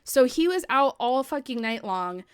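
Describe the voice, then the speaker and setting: A woman's voice: sits high, big pitch swings, normal speed, smooth, dry recording, clean studio sound. A young adult woman hosting a podcast in casual chat, talking freely with lots of "like" and casual swearing. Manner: chatty, swears freely, heavy use of "like". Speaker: podcast host. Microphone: podcast microphone.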